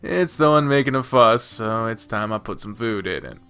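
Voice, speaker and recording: Soft music sits behind a man whose clear, resonant voice is on the low side and expressive, at a moderate pace. Reading a visual novel, this game streamer keeps the narration soft, then erupts into loud, casual commentary full of swearing.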